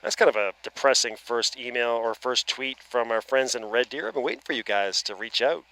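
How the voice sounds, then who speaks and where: Atlantic Canadian male play-by-play man, bright forceful voice, chatty, ballpark booth. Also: mid-range voice, brisk. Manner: chatty, self-deprecating, excitable on plays. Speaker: play-by-play commentator. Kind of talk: live baseball commentary. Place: outdoor ballpark broadcast booth.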